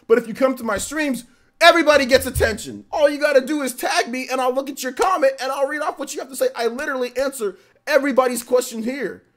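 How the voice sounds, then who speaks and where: A man streaming live, greeting viewers from chat one by one and laughing at trolls in a casual, slangy way. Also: very high voice. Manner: shouts out chat names, trash-talks trolls, laughs often.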